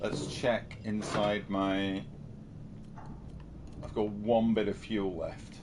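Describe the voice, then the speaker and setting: A man's voice: lowish voice, level tone, slow, background noise. A man from the United Kingdom chatting casually while streaming a horror game and reading viewer messages. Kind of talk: casual livestream commentary.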